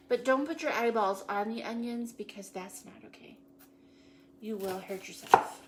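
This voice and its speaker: A woman's voice: fairly high pitch, moderate pace, heavy background noise. Woman, cooking show host, playful and punny; home kitchen with audible chopping and clicks. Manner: playful, jokey, self-praising with puns. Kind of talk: casual live cooking chat.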